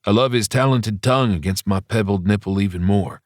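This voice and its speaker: A man narrating a romance audiobook in the first person, even and unhurried. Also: lowish voice, no room sound, clean studio sound.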